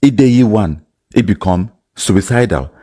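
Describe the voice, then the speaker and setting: Animated man with Cameroonian Pidgin accent. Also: lowish voice, a little slow, breathy edge. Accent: Cameroonian Pidgin English. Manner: animated, mixing Pidgin and English. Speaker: commentator. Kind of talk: casual spoken commentary.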